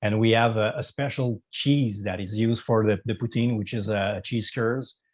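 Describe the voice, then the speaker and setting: A man's voice: fairly low pitch, fairly even intonation. Hesitant man. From Quebec. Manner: hesitant, many pauses and fillers. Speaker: musician guest. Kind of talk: casual interview answers.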